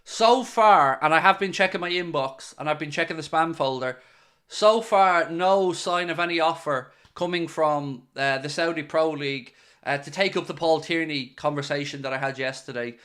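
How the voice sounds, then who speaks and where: A man's voice: fairly high pitch, moderate pace, sharp tone. An Irish man hosting a football fan channel, talking casually to camera in a playful, mock-serious, sarcastic way. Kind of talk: casual solo commentary to camera.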